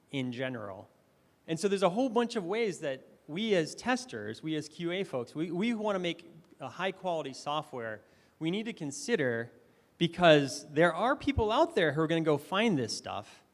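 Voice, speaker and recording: A man giving a conversational conference presentation, full of fillers and restarts. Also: fairly high pitch. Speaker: conference speaker. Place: conference hall. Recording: reverberant hall.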